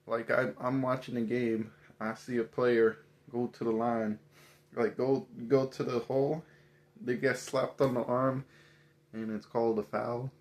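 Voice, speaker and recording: Man, mid-pitched, casual and exasperated ranting commentary, emphatic rhetorical questions. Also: level tone, a little slow, a little mellow. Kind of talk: casual opinion rant.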